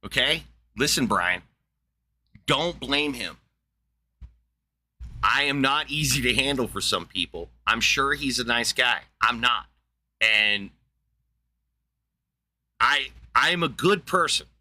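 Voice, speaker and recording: A man hosting a livestream, ranting in a blunt, profane, excitable way, with a wheezy laugh. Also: medium pitch, slow, long pauses. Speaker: livestream host. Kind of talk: casual livestream rant.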